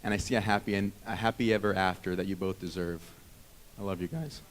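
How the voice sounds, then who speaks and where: A man in his thirties gives a wedding toast at a reception, a touch low in pitch. His talk rambles and restarts, heartfelt and self-teasing. The sound carries a long reverb from the hall around him. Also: steady tone, quick pace, slight background noise. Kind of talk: wedding speech.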